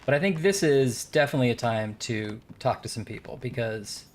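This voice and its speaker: A man's voice: medium pitch, expressive, a little fast, a little hiss or hum. Joking male streamer thinking aloud. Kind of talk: casual let's play chat.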